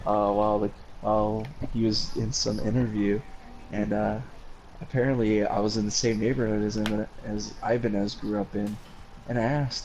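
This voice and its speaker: Deadpan low-voiced man over noisy chat. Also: moderate pace. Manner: deadpan, drawling, tells absurd stories with hesitant fillers. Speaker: mock political analyst in game role-play. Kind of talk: improvised comedic role-play chat.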